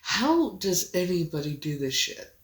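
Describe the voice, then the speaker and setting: A woman livestreaming casually on her phone, talking in an emotional, halting way with many pauses and restarts. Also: fairly low pitch, very animated, reverberant.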